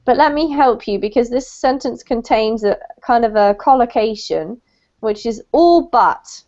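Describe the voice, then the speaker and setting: A woman's voice: on the high side, lively intonation, unhurried, darkish tone. A woman teacher giving patient, encouraging pronunciation feedback to a student in an online English lesson. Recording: dull lo-fi call audio.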